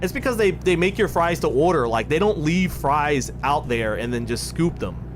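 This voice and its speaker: A man's voice: a little high, animated, normal speed, noisy background. A man chatting casually on a live stream while playing a game, rambling, thinking aloud and swearing freely. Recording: clear music playing behind.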